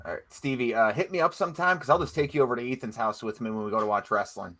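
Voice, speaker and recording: An upbeat man hosting a casual podcast over a call. He has a bright, forward tone and curses freely while he keeps the show moving. His pitch sits in an ordinary middle range. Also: racing. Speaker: podcast co-host. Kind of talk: casual chat.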